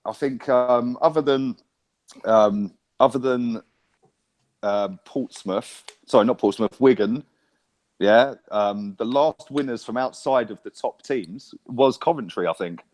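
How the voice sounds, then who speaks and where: Male podcaster, mid pitch, sweary, emphatic football rant. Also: measured pace, a little mellow. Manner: sweary, emphatic, keeps asking "right?". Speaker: podcast co-host. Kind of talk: casual football chat.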